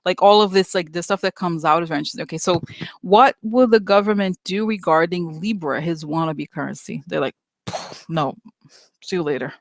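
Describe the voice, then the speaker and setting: A psychic reader giving casual commentary, rambling and animated, with lots of fillers and quoted voices. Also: mid-range voice, a little fast, vocal fry, dry recording, studio quality.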